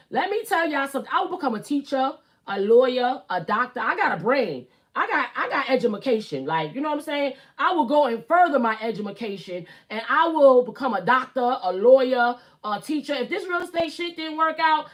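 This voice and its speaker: A woman's voice: high voice, animated, normal speed, hardly any pauses, fairly bright tone. A woman in her thirties with a Brooklyn accent, hosting a casual live stream and talking bluntly, with swearing and emphatic repeats. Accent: Brooklyn New York. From Brooklyn, New York. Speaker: YouTube live host.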